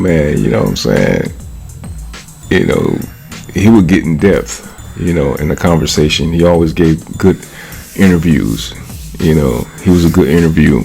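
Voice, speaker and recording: A man's voice: sits low, creaky, a little mellow. A man from California talking casually into the camera, slangy and profane, laughing often and asking "you know what I'm saying?". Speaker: vlogger. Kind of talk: casual commentary monologue.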